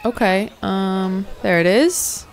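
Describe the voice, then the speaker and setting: A woman's voice: mid-range voice, slow. A young woman giving casual gameplay commentary, gushing and cooing over the animals. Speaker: gaming video host.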